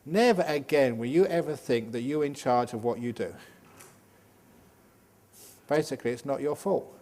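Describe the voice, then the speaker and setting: An older man gives a Dhamma talk as a Buddhist monk, with a mid-range voice. He teaches in a lively, joking way, sprinkling his talk with humor and examples. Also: mid-range voice, moderate pace. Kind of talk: Dhamma talk at a day retreat.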